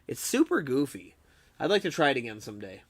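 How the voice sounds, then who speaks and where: This young adult man keeps things relaxed on his game live stream, swearing plenty, laughing often, and dropping "dude" as he talks with viewers. His mid-range voice moves at a quick pace with huge pitch swings and a slightly bright quality.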